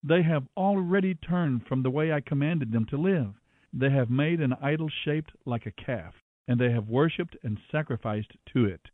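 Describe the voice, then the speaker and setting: A man's voice: mid-range voice, moderate pace, no echo, natural voice. A man reading the stern, commanding words of God in a scripture reading, with a dry, phone-like sound. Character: God, a stern angry divine male voice.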